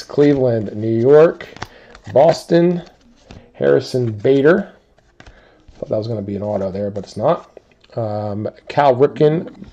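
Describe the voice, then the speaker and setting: A man hosting a live sports card break, calmly listing teams and players as he opens packs. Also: mid-range voice, vocal fry, husky, highs cut off. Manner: slow, relaxed listing of teams and cards.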